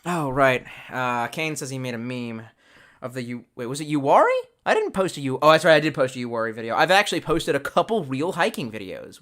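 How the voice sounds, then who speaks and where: A man's voice: mid-range voice, lively intonation, fairly quick, fairly bright tone. A man hosting a casual livestream, reading viewer comments and rambling with lots of swearing and restarts. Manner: rambling, profane, self-interrupting. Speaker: livestream host.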